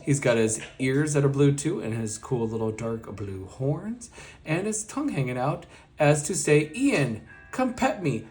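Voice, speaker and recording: Guy doing a toy unboxing, super gushy and excited, normal pitch, bit of soft music in the back. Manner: enthusiastic and gushing, lots of praise words. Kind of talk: casual unboxing commentary.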